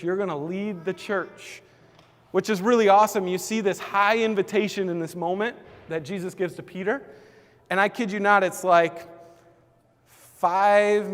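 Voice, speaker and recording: Man, high-pitched voice, casual church training talk, conversational, lots of filler words, long hall reverb. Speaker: church team leader.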